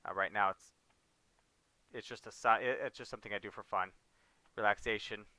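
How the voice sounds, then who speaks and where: A man's voice: lowish voice, fairly even intonation, a little fast, pushed and bright, dry recording. A man hosting a livestream, chatting casually as he plays a farming game and grumbling now and then. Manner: chatty, talks to chat and co-players, mild exasperated outbursts. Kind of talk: casual gameplay commentary.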